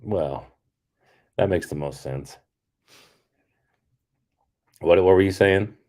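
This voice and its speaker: Very deep-voiced man chatting casually. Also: slow. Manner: relaxed, rambling with restarts. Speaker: podcast co-host. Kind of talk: casual chat.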